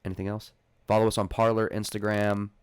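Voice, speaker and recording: A man co-hosting a podcast, talking in relaxed, easygoing banter. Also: lowish voice, a little fast, clean tone, dry recording, clean studio sound. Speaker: podcast co-host. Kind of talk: casual podcast chat.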